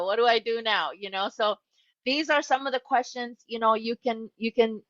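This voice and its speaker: A woman mental health counselor presenting a webinar in a relaxed, conversational way, often voicing what a client might think. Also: medium pitch, no room sound, muffled recording.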